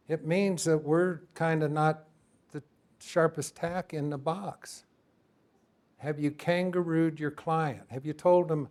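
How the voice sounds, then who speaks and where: Guy teaching a class, lively, keeps asking the room questions, voice on the higher side. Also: slow pace. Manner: lively, talks to the class and asks for input. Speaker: instructor. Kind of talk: classroom lecture.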